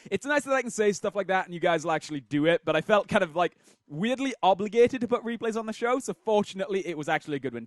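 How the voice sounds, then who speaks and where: A man's voice: a little high, no room sound. A man hosting a show, casually commenting on game replays and thinking aloud with fillers, close to a desk mic.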